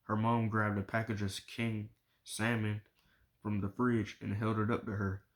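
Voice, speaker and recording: A man reading a novel aloud, chapter by chapter, in steady unhurried narration. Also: fairly low pitch. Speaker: audiobook reader.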